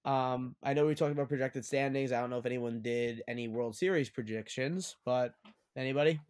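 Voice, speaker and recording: A man's voice: mid-range voice, a little fast, darkish tone, smooth. A young adult man hosting a casual sports podcast, talkative and steering the discussion with bold picks. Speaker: podcast host.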